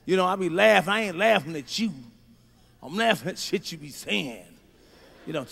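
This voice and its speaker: A middle-aged male stand-up comedian doing a profane routine, swinging from low mutters to loud shouts. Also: expressive, moderate pace, gravelly, pauses often.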